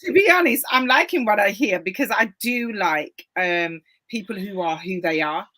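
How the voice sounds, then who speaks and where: A woman, a co-host and pastor, talking in a reflective, measured way as she tells a story. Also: medium pitch, animated, bright, forceful tone. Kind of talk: casual interview chat, storytelling.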